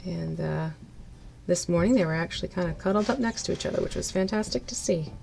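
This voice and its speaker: A woman's voice: lowish voice, a little fast, gravelly. Chatty woman painting miniatures on stream. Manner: chatty, laughs often, greets viewers brightly. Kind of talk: casual live-stream chat while painting.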